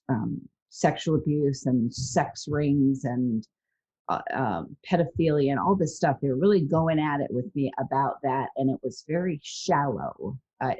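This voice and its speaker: A woman hosting a podcast in casual chat, earnest and animated, sometimes acting out what other people say. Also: extremely low pitch, slightly rough. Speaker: podcast host. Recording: dull lo-fi sound.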